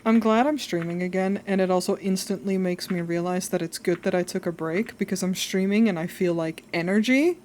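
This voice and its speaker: A woman's voice: on the low side, a little fast, hardly any pauses, a little mellow, a little hiss or hum. A young adult woman chatting casually while drawing on a live stream, rambling and self-reflective, laughing often.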